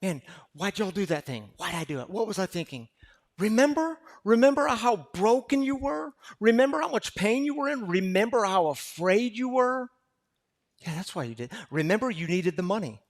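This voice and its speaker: A man preaching a sermon to a recovery gathering, impassioned and repetitive, swinging from loud to hushed. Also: high-pitched, sing-song, moderate pace. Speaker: pastor.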